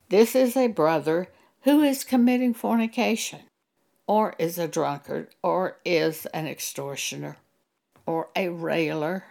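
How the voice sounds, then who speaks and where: A woman giving an earnest, measured sermon-style testimony and quoting scripture. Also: fairly low pitch, animated, vocal fry, a little mellow.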